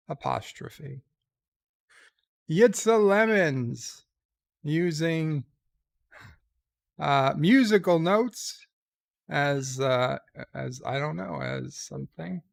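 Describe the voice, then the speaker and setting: A man with a higher voice hosts a casual live stream from his bed, reading chat aloud. He drawls through it with lots of pauses and fillers, a gravelly rasp under his voice, and makes wry, offhand asides. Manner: slow, halting, with many pauses and fillers; wry and irreverent. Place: lying in a bed.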